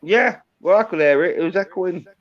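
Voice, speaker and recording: A man's voice: high-pitched, a little fast. A man chatting casually on a livestream call, blunt and swearing. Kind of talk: casual chat. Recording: dull lo-fi call audio.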